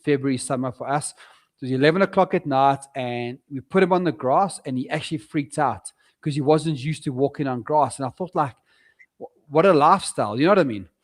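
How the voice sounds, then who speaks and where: A man's voice: medium pitch, brisk. Middle-aged south african guy on a podcast, chatty, tells stories like he's acting out the scenes. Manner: animated storyteller, acts out his own past words. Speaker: guest property investor. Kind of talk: casual podcast interview.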